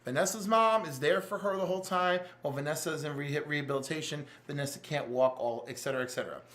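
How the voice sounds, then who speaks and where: High-voiced, gushing man. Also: fast talker. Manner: animated and gushing. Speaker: podcast co-host. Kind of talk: casual chat.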